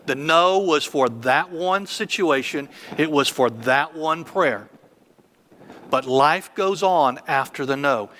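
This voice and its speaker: Bright-voiced preaching man. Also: on the high side, slight background noise. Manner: emphatic, repetitive. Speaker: church elder. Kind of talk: sermon.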